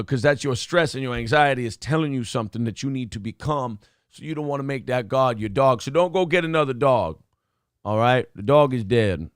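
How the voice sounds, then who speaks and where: A man's voice: mid-range voice, smooth, no echo, studio quality. A man hosting a casual morning podcast, chatting bluntly with heavy swearing and reading viewer messages aloud. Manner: blunt, profane, animated storytelling. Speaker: morning show host. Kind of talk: casual podcast banter, reading super chats.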